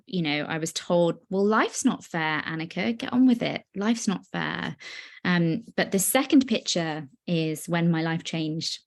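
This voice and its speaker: A young woman giving an earnest, personal talk on a video call, with many pauses and fillers. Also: on the low side. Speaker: guest speaker. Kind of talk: virtual presentation.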